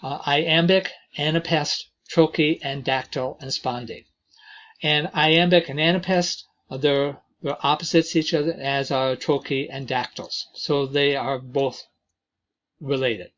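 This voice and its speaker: A man teaching an introductory lesson on poetry, talking slowly with frequent fillers and reading verses aloud. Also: on the high side, steady tone, fairly bright tone, highs cut off. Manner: slow, deliberate delivery with many fillers and reading aloud of verses. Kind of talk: lecture on poetry.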